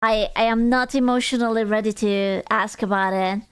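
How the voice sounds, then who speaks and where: A woman's voice: medium pitch, steady tone, normal speed, clear, resonant tone. A woman streamer chatting casually and bluntly while reacting to clips, teasing and self-deprecating. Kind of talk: casual chat.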